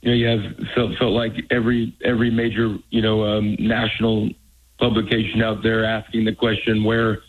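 A man, a college football head coach, talking earnestly on a radio call, halting with many restarts. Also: fairly low pitch, completely flat delivery, husky. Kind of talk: phone-in radio interview. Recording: tinny phone line.

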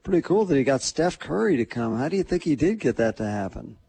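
A man's voice: a little high, sing-song, quick pace, vocal fry, dark tone, breathy edge. A man co-hosting a radio sports show, easygoing and encouraging in casual chat. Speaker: radio co-host.

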